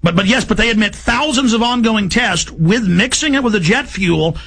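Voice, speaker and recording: A man hosting a talk radio show, ranting fast and getting agitated, often rising to shouts. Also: high voice, husky. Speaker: radio host. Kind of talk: heated talk radio rant.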